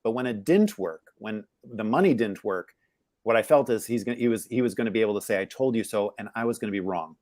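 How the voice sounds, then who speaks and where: A man's voice: fairly low pitch, animated, quick pace, a little mellow, dry recording. Candid middle-aged male guest, dry sound. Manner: candid, searching, many restarts and fillers. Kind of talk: reflective personal storytelling.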